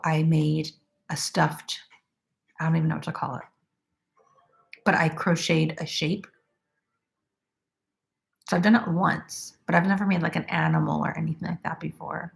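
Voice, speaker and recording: A woman in her twenties hosts a relaxed crochet livestream, chatting and reading viewer comments. Her voice sits low and carries a heavy, gravelly fry. She talks loosely and easily, with plenty of "like" and quick laughs. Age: 20s.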